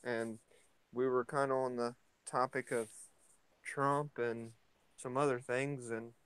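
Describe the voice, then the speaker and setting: Stepping outside into his yard, a man hosts a laid-back morning chat vlog, wandering from thought to thought with plenty of fillers and restarts. He talks slowly in a clean, mid-range voice; the audio is poor, with no room sound.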